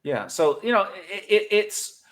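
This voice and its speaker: A man's voice: sits high, lively intonation, measured pace, a bit bright. A man appearing as a guest on a talk show, explaining his ideas in a hesitant, lecturing way. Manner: hesitant, lecturing, full of fillers. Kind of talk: interview answer.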